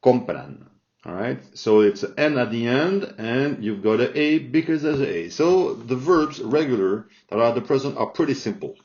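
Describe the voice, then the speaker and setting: A man's voice: mid-range voice, lively intonation, moderate pace, a little mellow. A man teaching a language lesson, speaking patiently and often checking in with "all right?" after each example. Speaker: Spanish teacher. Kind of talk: slow spoken language lesson. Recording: dull lo-fi recording.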